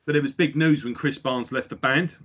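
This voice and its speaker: A man's voice: mid-range voice, steady tone, brisk, a bit bright, highs cut off. A man, co-hosting a casual music podcast and telling stories animatedly, swearing freely. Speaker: podcast co-host. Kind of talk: casual chat about music.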